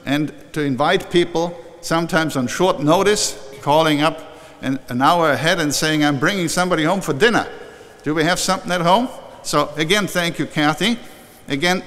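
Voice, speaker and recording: An older man giving a warm, conversational acceptance speech at a formal ceremony, often restarting and correcting himself. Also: a little high. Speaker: honorary doctorate recipient giving an acceptance speech. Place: large historic chapel hall. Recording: long reverb from a large hall.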